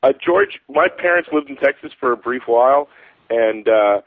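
A man's voice: mid-range voice, animated, moderate pace, no room sound. A man with an American accent, a comic book writer talking as a guest in a casual interview, rambling with many fillers and restarts. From United States. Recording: tinny phone line.

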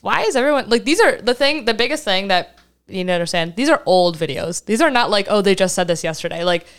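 A woman's voice: mid-range voice, expressive, fast talker, clear, resonant tone. A young woman co-hosting a casual podcast, talking in a heated, emphatic way and laughing often. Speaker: podcast co-host.

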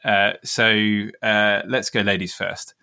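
A man's voice: on the low side, little pitch movement, slow, bright, forceful tone, clean tone. A man hosting a podcast, introducing a segment in a friendly, slightly hesitant way. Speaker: podcast host. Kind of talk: casual chat.

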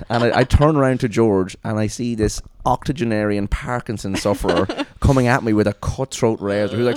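A man hosting a podcast, telling a long anecdote in casual chat, animated and quick, slipping into put-on voices for the people he quotes. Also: fairly low pitch. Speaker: podcast host.

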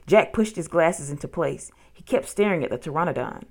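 A woman reading a children's book aloud, with steady, expressive storytelling. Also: low voice, fairly quick.

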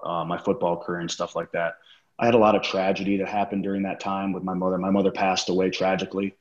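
Deep-voiced man telling a profane story. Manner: profane, rambling, many fillers. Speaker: podcast guest. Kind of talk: casual storytelling. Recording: roomy, slightly dull sound.

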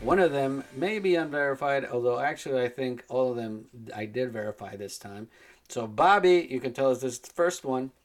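A man's voice: medium pitch, lively intonation, normal speed, faint music behind. A man hosting a casual podcast, laid-back, swearing often and laughing a lot. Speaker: podcast host.

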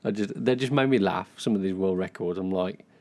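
A man's voice: low-pitched, fairly quick, a little mellow. A man in easygoing casual chat, musing aloud and often restarting his sentences.

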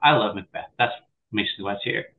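A man co-hosting a podcast, walking through history notes in a chatty, upbeat way with a few wry asides. His voice sits at a middle pitch and comes through thin and phone-like. A faint hiss sits underneath. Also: quick pace. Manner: chatty, enthusiastic, light humor. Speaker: podcast co-host. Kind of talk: casual podcast chat and reading history notes.

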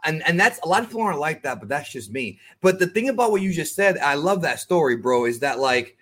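A man's voice: a little high, very animated, quick pace, fairly bright tone. A man talking as a guest on a podcast, speaking frankly and earnestly, with casual slang and many restarts.

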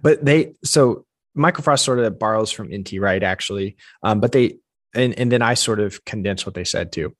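A man's voice: on the low side, normal speed, no room sound, studio quality. A man co-hosting a casual faith podcast, talking through ideas in an earnest, reflective way. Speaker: podcast co-host.

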